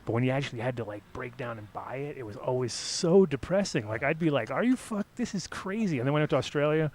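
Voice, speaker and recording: A fast-talking middle-aged man with a medium-pitched voice hosts a podcast of casual storytelling. He stays animated throughout, peppering his talk with fillers and free-flowing swearing.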